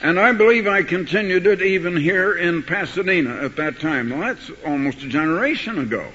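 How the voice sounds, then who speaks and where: A man preaching a sermon, telling a story and reading scripture, building to forceful emphasis on key words. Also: high-pitched, animated, brisk. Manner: rising to forceful emphasis when quoting scripture. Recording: dull archival recording in a hall.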